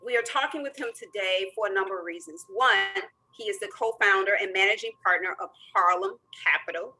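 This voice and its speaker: An energetic woman from the American South moderating a webinar and introducing her guest with enthusiasm. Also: mid-range voice, fairly quick, slightly rough, rough recording.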